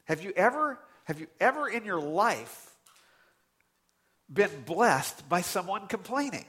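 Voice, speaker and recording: A man preaching a sermon as pastor, animated and conversational, with sudden loud outbursts. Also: sits high, a little slow, slightly rough.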